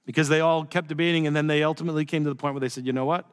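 Male pastor, a bit high-pitched, chatty sermon delivery, long reverb of a church hall. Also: flat delivery, rapid-fire, smooth. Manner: conversational preaching with joking asides, dropping soft for emphasis.

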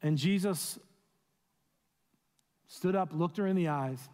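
Male pastor, sermon, earnest and pleading, rhetorical questions, fairly high voice, long hall reverb. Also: fairly even intonation, moderate pace, pauses often, warm tone. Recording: long reverb of a large room.

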